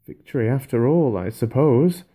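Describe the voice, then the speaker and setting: A man voicing a small, kindly hobbit who has been hurt and shaken, speaking high and eager. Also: animated, normal speed, warm tone, slightly rough. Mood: dazed.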